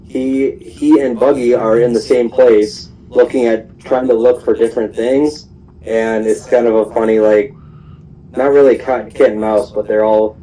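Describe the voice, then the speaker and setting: A young man recapping an anime episode in a loose, rambling way, with lots of "um"s and asides. His voice is mellow and low-key, pitched in a middle range, and reads as unscripted chat. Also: rough recording. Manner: rambling, full of fillers and laughs.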